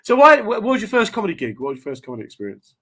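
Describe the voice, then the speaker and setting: A man's voice: sits high, wildly swooping pitch, racing, a bit bright. A British man hosting a radio talk show, asking teasing, jokey questions in casual conversation. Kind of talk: casual interview.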